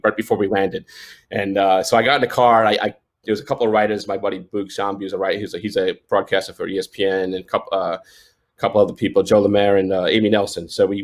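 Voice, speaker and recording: Rambling low-voiced man telling a story. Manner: rambling, many restarts and fillers. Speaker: sports photojournalist guest. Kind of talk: casual storytelling chat.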